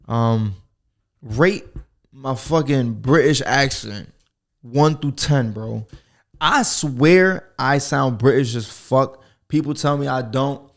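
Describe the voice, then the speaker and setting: An American man with a gravelly mid-range voice hosts a solo podcast from home. Alone at the microphone, he delivers a casual monologue that rambles, jokes, and swears.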